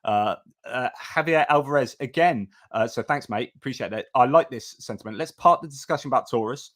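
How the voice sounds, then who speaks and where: A man's voice: mid-range voice, brisk, fairly bright tone. Chatty man hosting war news. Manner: chatty, with restarts and asides. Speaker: host. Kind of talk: casual news commentary.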